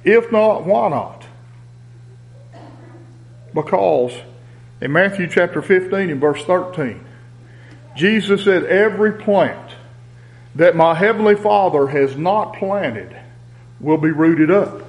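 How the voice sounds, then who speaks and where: A man preaching a sermon, reading scripture aloud in a deliberate, emphatic way. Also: sits high, animated, low-quality recording.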